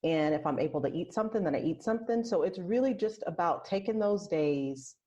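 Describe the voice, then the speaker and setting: Woman guest on a podcast, low voice, soft and thoughtful, kinda muffled lo-fi audio. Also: animated, fairly quick. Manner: soft, reflective, with frequent restarts. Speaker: podcast guest, aromatherapist and health coach. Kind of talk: casual interview chat. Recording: lo-fi muffled sound.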